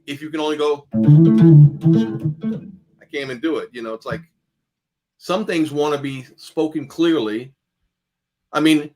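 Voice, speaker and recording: A fairly high-voiced man leads a jazz guitar masterclass in a loose, conversational way. He chats through picking techniques and calls out down and up strokes as he plays, with faint guitar under his voice. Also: unhurried, long pauses. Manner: casual, conversational, demonstrates by saying picking strokes aloud. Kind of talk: masterclass lecture.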